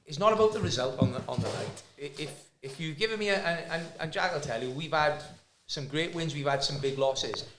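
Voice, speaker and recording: A man's voice: a little high, a little fast, hardly any pauses, fairly bright tone. A man, a fight coach, speaking earnestly and emphatically, repeating words as he makes his point. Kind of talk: casual chat. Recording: echoey room, faint noise.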